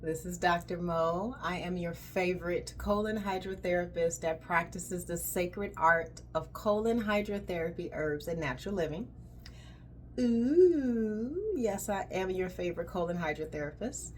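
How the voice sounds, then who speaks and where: A woman's voice: fairly low pitch, animated, a little slow, a little hiss or hum. A woman hosting a casual monologue, speaking directly and emphatically, acting out exchanges with clients. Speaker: colon hydrotherapist hosting a talk.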